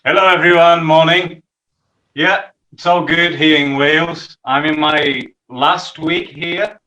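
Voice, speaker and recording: Man, non-native English accent, bright tone, casual church update, dry humor. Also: a little high, fairly even intonation, slow pace, reverberant, rough recording. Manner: chatty, self-deprecating humor. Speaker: church member giving an update. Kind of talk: casual livestream talk.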